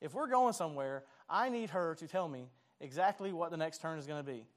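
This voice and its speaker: A man's voice: on the high side, lively intonation, brisk. A man preaching a sermon as pastor, conversational and self-deprecating, often stumbling and restarting his words.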